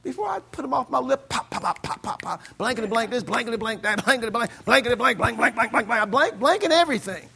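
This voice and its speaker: A man from the States preaching a sermon as pastor, swinging between loud exclamations and low, quiet stretches. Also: lively intonation, fast talker, creaky, few pauses, slight background noise. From United States.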